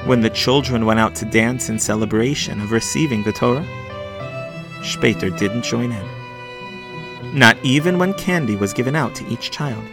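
Man, children's story narrator, expressive, hushes for sad parts, soft violin behind. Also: medium pitch, moderate pace. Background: faint violin music.

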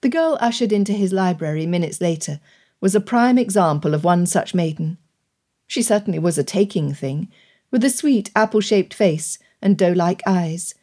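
Female audiobook narrator, low and mellow, measured reading. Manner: measured, even storytelling. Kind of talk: scripted narration.

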